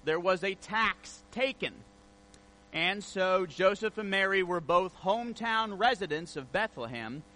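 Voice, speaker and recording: A man preaching a sermon, telling a personal story in a relaxed, conversational way before reading scripture aloud. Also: high-pitched, low-quality recording. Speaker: pastor.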